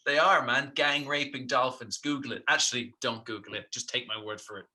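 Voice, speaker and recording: A man's voice: mid-range voice, fairly quick, pushed and bright. A man co-hosting a podcast, riffing in a rambling, jokey way on absurd ideas. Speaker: podcast co-host. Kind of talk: casual comedic chat.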